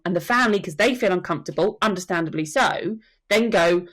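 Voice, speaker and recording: A woman's voice: on the low side, a little fast, a bit bright. A woman working as a death educator, telling stories earnestly and acting out what people said in a podcast conversation. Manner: earnest storytelling, acts out quotes. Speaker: soul midwife and death educator.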